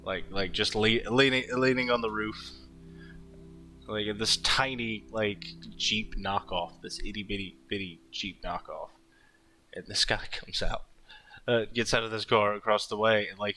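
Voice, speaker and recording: A man's voice: fairly low pitch, fairly even intonation, normal speed, sharp tone, faint music behind, low-quality recording. A young man telling a story while drawing, rambling and laughing often, full of fillers and restarts. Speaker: artist streaming while drawing.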